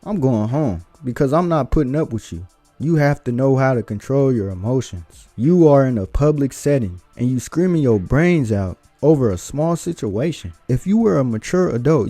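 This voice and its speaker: Male reaction host, lecturing and opinionated, mellow voice, soft music behind. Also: mid-range voice, no echo. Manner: blunt, lecturing. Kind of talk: opinionated commentary.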